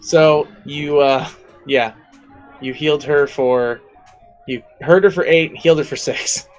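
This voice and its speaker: A man narrating as game master in a tabletop game, relaxed and laughing, thinking aloud with fillers as he goes. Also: on the high side, a little slow, soft background music, poor audio.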